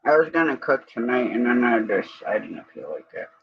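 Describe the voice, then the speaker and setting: A woman's voice: very deep voice, very animated, moderate pace, a little hiss or hum. A woman co-hosting a live stream in a casual, rambling chat, breaking off now and then to give commands to her dog. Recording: dull lo-fi stream audio.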